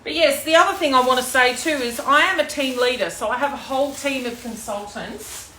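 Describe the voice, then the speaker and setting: A woman's voice: high-pitched, fairly quick, pushed and bright, roomy sound, a little hiss or hum. A woman with an Australian accent chatting to viewers as she cooks live in her home kitchen. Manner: chatty, talks to viewers while working. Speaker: cooking demonstrator and team leader. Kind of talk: live cooking stream chat.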